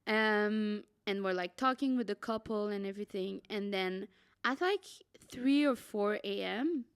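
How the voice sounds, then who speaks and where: A young woman, a podcast co-host, telling a travel story in a dramatic, excitable way and saying "like" a lot. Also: medium pitch, a little slow, smooth. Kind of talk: casual storytelling.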